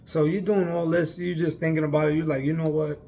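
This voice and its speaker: A man's voice: on the high side, flat delivery, quick pace, mellow. A young man telling a long personal story in a casual, rambling way, emphatic and full of fillers. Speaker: vlogger.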